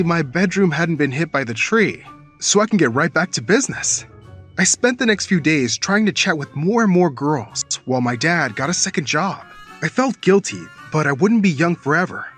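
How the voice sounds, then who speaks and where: A man telling a first-person story in scripted storytime narration, dramatic and bursting into shouted lines. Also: fairly high pitch, very animated, normal speed, soft background music.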